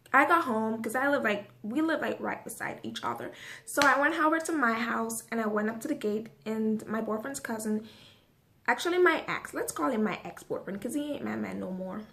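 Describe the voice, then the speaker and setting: A woman vlogger telling a casual story to camera, animated and full of swearing, tying it together with "so" and "like". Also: fairly high pitch, normal speed, creaky. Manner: animated, profane storytelling with frequent "so" and "like".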